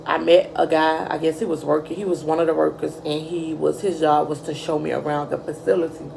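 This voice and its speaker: A young woman vlogger telling a casual storytime, animated and profane, calling her viewers y'all. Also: low voice, a little fast, gravelly, a little hiss or hum, low-quality recording.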